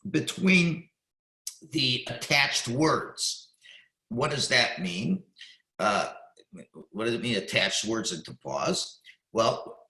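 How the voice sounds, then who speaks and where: A man teaching a Talmud class, explaining each phrase and pausing to read Hebrew words slowly and carefully. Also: mid-range voice, bright, forceful tone. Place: synagogue class room. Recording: echoey room.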